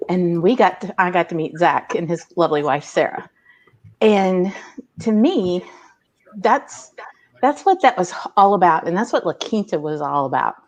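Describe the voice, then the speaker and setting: A woman chatting casually and telling a story to friends, with frequent fillers and laughs. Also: fairly low pitch. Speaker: guest on a live video hangout. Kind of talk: casual chat.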